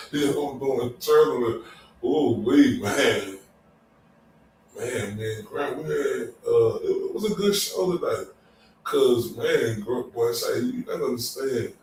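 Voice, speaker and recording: A man's voice: medium pitch, a little hiss or hum. A man hosting a casual after-show chat, loose and exclamatory, laughing often. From Dallas, Texas. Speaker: show host. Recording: very echoey room, distant mic.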